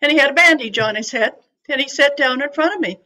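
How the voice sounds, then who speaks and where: A woman in her eighties from California, a psychic medium telling her story to an audience in a chatty, animated way. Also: sits high, fast, rough recording. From California, USA. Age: 80s.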